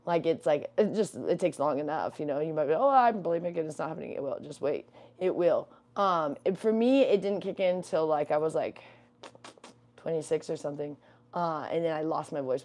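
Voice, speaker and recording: A woman's voice: deep voice, dark tone. A young adult woman co-hosting a livestream from home, chatting in a rambling way with many fillers. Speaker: livestream co-host. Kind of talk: casual chat.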